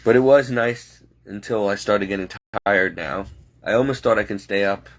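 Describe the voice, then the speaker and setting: A man's voice: lowish voice, moderate pace, slight background noise. A man, a home caregiver, rambling and exasperated as he vents in a late-night vlog. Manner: talking to himself, restless and frustrated.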